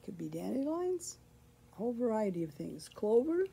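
A woman reading a picture book aloud to children as a library storyteller, pausing to explain words along the way. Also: on the high side, very animated, vocal fry, warm tone, breathy edge.

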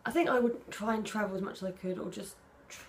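A young British vlogger chats through a tag video, reading personal questions out and answering them honestly. Her medium-pitched voice moves at a quick pace, with slight background noise, and she goes soft-spoken whenever things turn emotional.

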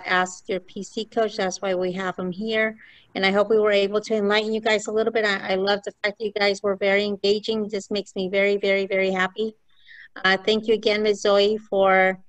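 A woman's voice: medium pitch, a bit bright, low-quality recording. Chatty woman leading a class. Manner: chatty, laughs often. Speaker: real estate trainer. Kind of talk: casual training talk.

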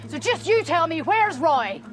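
An actress playing a sharp-tongued female amateur detective with a taunting, probing, theatrical manner. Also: extremely high pitch, very animated, measured pace, faint music behind, full character voice.

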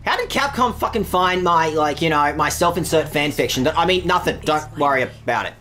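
A woman's voice: deep voice, lively intonation, brisk, fairly bright tone, a little hiss or hum. A woman giving casual let's-play commentary, jumpy and profane, with frequent swearing and sudden outbursts. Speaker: gaming streamer. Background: game music.

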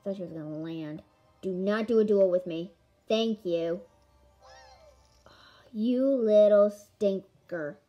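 A woman giving casual commentary on a board game she is playing, excitable, with melodramatic outbursts and playful taunting of her opponent. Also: medium pitch, slow, long pauses, muffled recording, soft background music. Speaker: gamer filming a board game. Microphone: camera mic.

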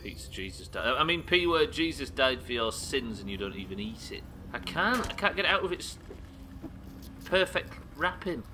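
A man from the UK streaming a game live, swearing often and reacting loudly between muttered asides. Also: medium pitch, sing-song, brisk, few pauses, noisy background. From United Kingdom. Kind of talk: live gameplay commentary.

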